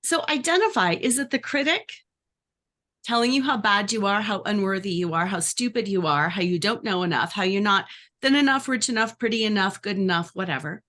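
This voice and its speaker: A life coach teaching a workshop, lively and acting out the voices she describes. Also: mid-range voice, brisk. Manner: animated, acts out inner voices.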